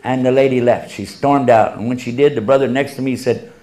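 Man, Islamic lecturer, public talk, lively storyteller, humorous, mid-pitched voice. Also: brisk. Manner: animated storyteller who acts out quoted voices with humor. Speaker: Islamic speaker answering audience questions.

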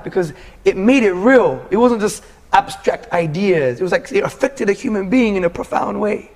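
An earnest man from England shares his life story in a relaxed sit-down conversation. His voice sits a little high for a man and he talks with lively, heartfelt energy, slipping into casual "bro"s as he goes. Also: moderate pace, hardly any pauses. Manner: animated, earnest, calls the listener "bro".

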